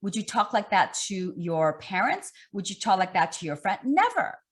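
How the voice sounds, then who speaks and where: A middle-aged woman fitness coach, talking in an animated, emphatic way with lots of repetition during an online interview. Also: medium pitch, moderate pace.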